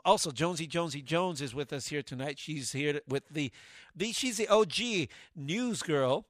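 A man's voice: on the high side, expressive, normal speed, a bit bright, no echo, studio quality. A man co-hosting a casual podcast broadcast live from a garage, rambling and restarting his sentences with lots of fillers. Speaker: podcast co-host.

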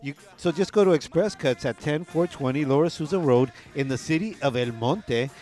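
Man, middle-aged, laid-back radio co-host, easygoing shout-outs, spanish phrases mixed in. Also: on the high side, brisk.

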